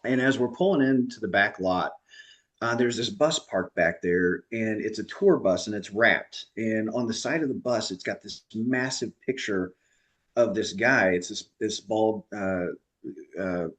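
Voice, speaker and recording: A man's voice: on the low side, a little slow, fairly bright tone. A man doing stand-up comedy on a video call, telling chatty stories and laughing at his own punchlines.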